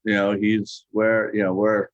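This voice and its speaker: A man's voice: on the low side, monotone, a little slow, no room sound, muffled recording. A man from New York, a musician and guest, chatting from his home studio and rambling with constant "you know"s. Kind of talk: casual interview chat.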